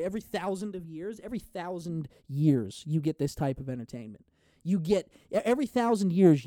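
A man hosts a solo comedy podcast and rambles from one goofy, self-mocking bit to the next, swearing freely. His pitch swings widely as he talks. The recording sounds close and dry, with no room sound. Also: mellow, no echo. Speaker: podcast host. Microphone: studio podcast microphone.

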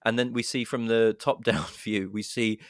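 A lower-pitched man chats on a podcast, walking through a horror film scene by scene with lively, profane enthusiasm. His voice sounds close and dry, with no room around it. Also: normal speed, no room sound. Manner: animated storyteller, swearing, puts on dramatic voices for quotes. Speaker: podcast co-host. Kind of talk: casual chat, retelling a film plot.

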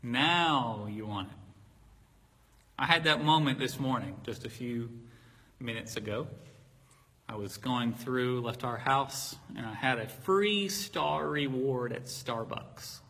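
Bright, husky man preaching in a hall. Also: mid-range voice, slow pace. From Virginia. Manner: conversational, jokey storytelling. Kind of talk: sermon with personal stories.

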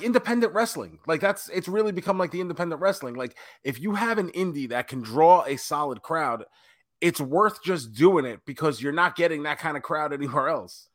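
A man co-hosting a casual pop culture podcast, bantering in a relaxed, jokey way. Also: on the high side, no echo, studio quality. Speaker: podcast co-host.

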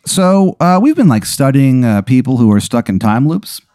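A brisk but hesitant corporate woman pitching an odd offer, as a man puts her on. The voice sits above his own and stumbles through fillers. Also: sing-song, dark tone, no echo, studio quality, close to an everyday voice. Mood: businesslike. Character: brisk businesslike woman making an offer over the phone.

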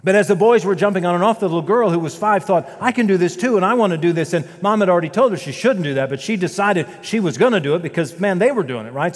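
A man preaching a sermon as pastor, telling a story with dramatic loud peaks and quiet, slow prayerful passages. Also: medium pitch. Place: church sanctuary. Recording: long reverb of a church sanctuary.

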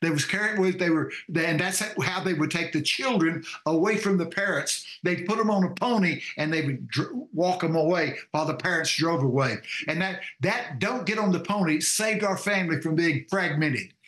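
An older man from Texas with a Texan accent, telling a personal story on a call-in show, animated and acting out voices with many fillers. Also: a little high, moderate pace, hardly any pauses, reverberant. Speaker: show co-host.

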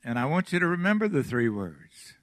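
A pastor from Mississippi with a Southern accent, preaching a sermon with slow, emphatic phrasing, dramatic pauses and softly trailing endings. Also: male voice, fairly high pitch, very animated, no echo.

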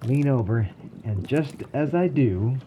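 A man narrating a personal story in a calm, wry way. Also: medium pitch, slow pace, noisy background.

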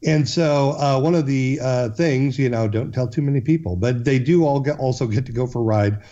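A man's voice: mid-range voice, a little fast, dark tone, muffled recording. A man, a guest in an interview, telling a long story earnestly, with frequent restarts and fillers.

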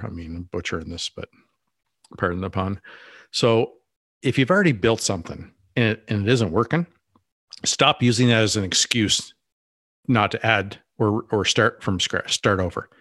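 A man's voice: fairly low pitch, moderate pace, a bit bright, dry recording, studio quality. A man co-hosting a business podcast, talking casually and rambling with many restarts and asides. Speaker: podcast co-host.

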